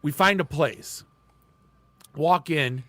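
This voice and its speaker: A man from the Detroit area spins a long story in a lively, profane way as he co-hosts a casual podcast. His voice sits fairly high for a man, and it is recorded dry and close with no room sound. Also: slow pace, no room sound. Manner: animated storyteller who swears freely. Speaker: podcast co-host.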